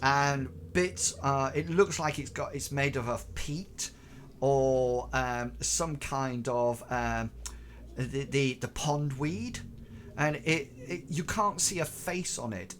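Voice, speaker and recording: A man's voice: mid-range voice, expressive, slow pace, a bit bright. Guy running a tabletop game, lots of ums and restarts, noisy recording. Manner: hesitant, full of fillers and restarts. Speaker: game master.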